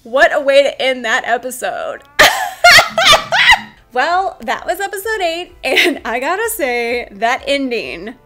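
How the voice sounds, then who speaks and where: A woman hosting a drama reaction video, excitable and emotional, laughing and gasping often. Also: high-pitched, takes it slowly, faint music behind. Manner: emotional, near tears. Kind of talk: casual drama reaction commentary.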